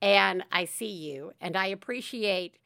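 A woman's voice: medium pitch, unhurried, gravelly, no room sound, studio quality. A woman hosting a podcast from home, chatting casually and animatedly, laughing often. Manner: animated, laughs often, shouts quoted lines. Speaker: podcast host.

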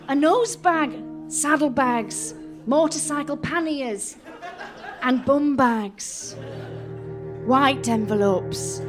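A woman narrating an absurd comic story on a live stage, in a deadpan manner. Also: high-pitched. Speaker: comedian narrator.

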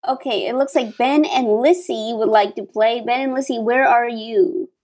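A woman's voice: on the high side, moderate pace, darkish tone. Bemused woman hosting a call-in game. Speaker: podcast host. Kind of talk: comedic game-show hosting. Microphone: video call.

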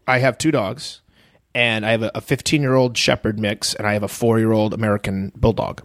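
A man's voice: lowish voice, fairly quick, no echo, clean studio sound. A middle-aged man from Michigan, a podcast guest telling stories in casual chat and acting out what other people said. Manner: animated storyteller who acts out other people's lines.

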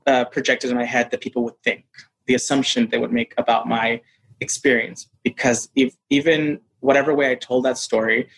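A man, an actor being interviewed, telling a personal story in a lively, casual way. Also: medium pitch, normal speed, low-quality recording. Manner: animated, acts out quoted voices. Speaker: actor guest.

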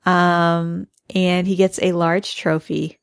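A woman's voice: fairly low pitch, takes it slowly, gravelly, smooth, no echo, studio quality. A woman co-hosting a podcast, casually recapping a reality show episode. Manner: relaxed, recapping with fillers and laughs. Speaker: podcast co-host.

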